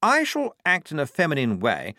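A man's voice: on the high side, huge pitch swings, moderate pace, bright, forceful tone, no room sound, clean studio sound, voice pushed up, exaggerated voice. A man voicing an eager, naive, upper-class young male lieutenant, in a raised, chirpy voice. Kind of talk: audiobook character voice.

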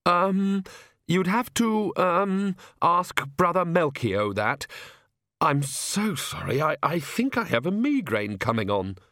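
A man's voice: high-pitched, sing-song, slow pace, fairly bright tone, no echo, studio quality, voice pushed up, heavily acted. A man voicing a nervous young male priest who stammers and apologizes. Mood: flustered.

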